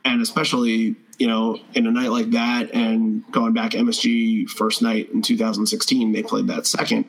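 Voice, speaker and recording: A man's voice: lowish voice, flat delivery, moderate pace, vocal fry, few pauses, poor audio. A man co-hosting a casual podcast, rambling with profanity and frequent restarts. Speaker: podcast co-host. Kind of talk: casual chat.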